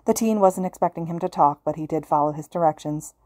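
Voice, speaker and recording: A woman reading a fan fiction story aloud as a podfic narrator, calm and steady. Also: low-pitched, fast, no echo, studio quality. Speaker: podfic reader.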